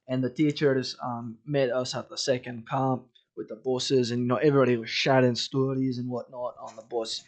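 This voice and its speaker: A young adult man hosting his own podcast, telling a long rambling story in a casual, profane, self-amused way. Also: mid-range voice. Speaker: podcast host.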